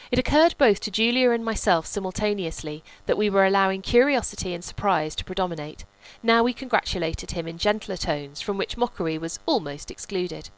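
A woman's voice: mid-range voice, brisk, hardly any pauses, dry recording, low-quality recording. Woman narrating a novel, dry. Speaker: audiobook narrator.

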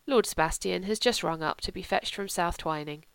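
A woman voicing a deferential male butler who speaks softly and formally. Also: lowish voice, normal speed, dry recording, lightly acted.

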